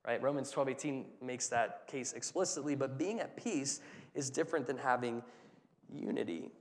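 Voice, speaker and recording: A man's voice: medium pitch, moderate pace, long reverb tail. A pastor delivering a Sunday sermon in a conversational style, often checking in with his listeners through rhetorical questions. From United States.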